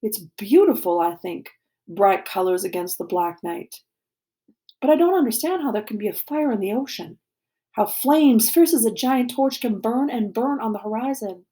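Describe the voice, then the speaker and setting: A woman reading a novel aloud to a class, expressive and dramatic, sometimes dropping to a hushed voice. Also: on the high side, normal speed. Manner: expressive, dramatic, drops to a hushed voice for tense moments.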